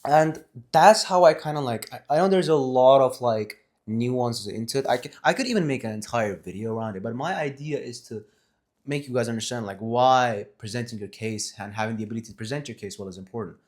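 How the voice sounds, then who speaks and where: A man's voice: mid-range voice, fairly quick, darkish tone. Guy sitting in front of his camera giving communication tips, mid voice, rambles and corrects himself a lot. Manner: rambling, self-correcting, emphatic. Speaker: vlogger on communication skills. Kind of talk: casual talk to camera.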